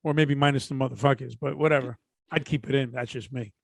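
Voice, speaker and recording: A middle-aged man from Brooklyn with a New York accent, co-hosting a podcast in blunt, gruff, profane comedic chat. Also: mid-range voice, steady tone, fast talker, no echo, clean studio sound. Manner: gruff, blunt, heavy swearing. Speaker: podcast co-host.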